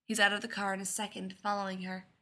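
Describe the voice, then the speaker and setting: A woman reading a story aloud in a lively, expressive way. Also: medium pitch, fast talker. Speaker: reader.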